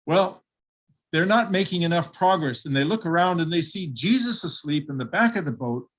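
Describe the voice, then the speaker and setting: A man's voice: high-pitched, lively intonation, moderate pace, fairly bright tone. An older man preaching a sermon, retelling a Bible story vividly and voicing its people. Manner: vivid retelling with acted quotes.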